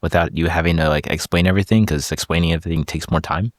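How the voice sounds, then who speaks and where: Really low-voiced guy on a podcast, thinking out loud, restarts a lot, dry close mic. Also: fairly even intonation, fast talker, no room sound. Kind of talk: casual podcast conversation.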